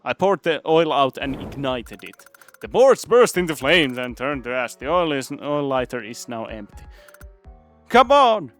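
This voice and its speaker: A young man hosting a let's play, reading a game's text aloud in a subdued, measured way. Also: medium pitch, expressive, soft background music.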